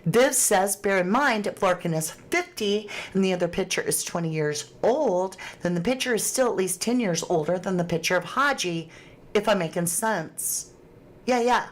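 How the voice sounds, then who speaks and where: A woman hosts a laid-back true crime stream, her medium-pitched voice animated and paced normally. Between frequent laughs, she chats and reads aloud what viewers write.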